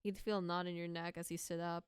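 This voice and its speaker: Young woman streamer yelling at her game. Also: lowish voice, flat delivery, fast talker, clean tone, dry recording, studio quality. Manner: dramatic outbursts and pleading at on-screen characters. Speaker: streamer playing a horror game. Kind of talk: live game playthrough, reading story text aloud. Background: faint background music.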